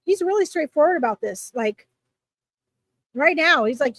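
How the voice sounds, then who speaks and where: A woman giving chatty, reassuring readings to viewers on a live stream, with lots of fillers and little pauses. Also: high voice, expressive, fairly bright tone, no room sound. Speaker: psychic reader answering viewers.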